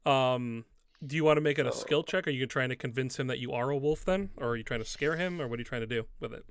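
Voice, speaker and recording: A man's voice: mid-range voice, quick pace, slight background noise. A man narrating a tabletop game as game master, in loose, rambling speech full of fillers.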